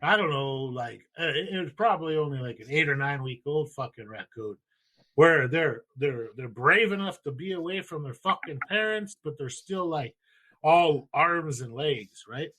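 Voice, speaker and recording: A man's voice: on the high side, expressive, normal speed, sharp tone. A man in his thirties hosting a podcast, telling a story in a loose, profane, rambling way. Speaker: podcast host. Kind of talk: casual storytelling.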